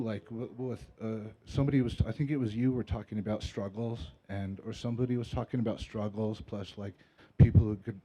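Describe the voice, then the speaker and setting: A man speaking on a panel, halting and full of fillers and restarts. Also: fairly low pitch, a little mellow. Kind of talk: casual spoken remarks.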